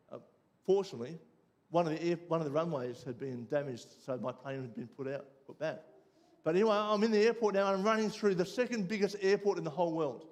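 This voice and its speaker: An Australian man preaching, telling a personal story with lively ups and downs before dropping quiet and low for the lesson. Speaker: pastor. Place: church.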